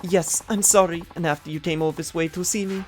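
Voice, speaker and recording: A man's voice: on the high side, fairly even intonation, brisk, darkish tone, soft background music, pitched above the performer's own voice, natural voice. A man voicing a cheerful, polite young woman who works as a club hostess, reading game dialogue aloud. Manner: sweet and polite.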